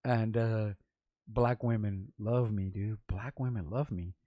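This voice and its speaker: A middle-aged man from Los Angeles, a rapper hosting a vlog, speaks slowly in a fairly low, mellow, steady voice with no echo. In this casual storytelling vlog, he rambles through slangy stories, restarting sentences and imitating other people's voices.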